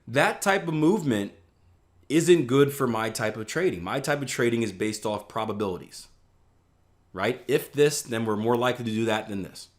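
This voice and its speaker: A man's voice: medium pitch, lively intonation, normal speed. Chatty man teaching a trading class. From Northeast US. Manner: conversational, keeps asking "right?" and acts out panicked traders. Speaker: trading instructor. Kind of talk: live online trading lesson.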